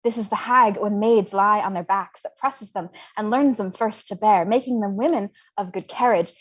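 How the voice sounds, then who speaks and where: A witty, mocking young man, read by a young woman rattles off Shakespeare verse with brisk, playful flair. Her voice sits at an ordinary middle pitch for a woman. The livestream audio is dull and lo-fi. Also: breathy edge, natural voice. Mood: fanciful. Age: young adult. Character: witty, mocking young male friend Mercutio. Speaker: volunteer reader. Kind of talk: unrehearsed livestream Shakespeare reading.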